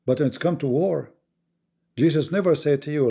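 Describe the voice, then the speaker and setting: Gravelly argumentative man on a livestream. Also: on the high side, normal speed, mellow. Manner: argumentative, asks rhetorical questions, non-native grammar. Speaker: livestream host. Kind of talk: casual livestream monologue.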